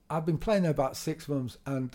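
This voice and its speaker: A middle-aged man, telling animated stories as a DJ guest in a casual interview, laughing often and swearing now and then. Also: fairly high pitch, moderate pace. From England.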